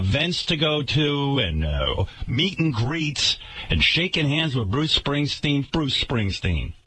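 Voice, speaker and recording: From a radio studio, a man with a sharp tone and breathy edge hosts a ranting monologue, sarcastically and indignantly attacking his workplace's management with a swinging pitch.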